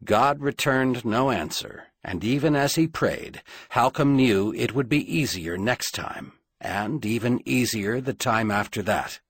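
A man narrating an audiobook in measured, dramatic storytelling. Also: medium pitch, slightly rough, dry recording, clean studio sound.

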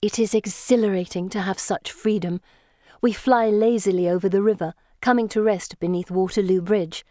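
A woman reading a first-person storybook in a measured, lyrical way. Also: medium pitch, fairly even intonation, warm tone, no echo, studio quality. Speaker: audiobook narrator.

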